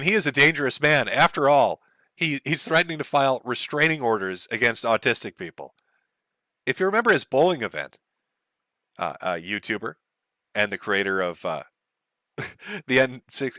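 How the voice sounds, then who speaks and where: A man hosts a commentary show and mocks each clip with sarcasm and bursts of laughter. His bright, slightly high voice moves up and down a lot. The recording is close and dry. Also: no room sound. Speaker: commentary host. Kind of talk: mocking commentary on clips.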